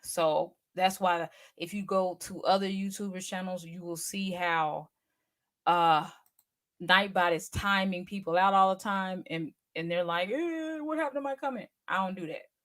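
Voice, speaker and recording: A woman's voice: fairly low pitch, little pitch movement, unhurried, a bit bright. Chatty, slangy woman hosting a livestream. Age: 40s. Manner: chatty, slangy, teasing, talks straight to the chat. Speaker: livestream host. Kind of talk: casual livestream chat.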